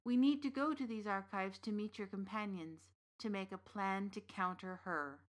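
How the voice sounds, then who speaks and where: A woman reading the part of a big, gently knowing uncle from the fairy realm in an audiobook story. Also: mid-range voice, normal speed, natural voice. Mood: calm. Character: big warm Irish uncle, old fairy king's son.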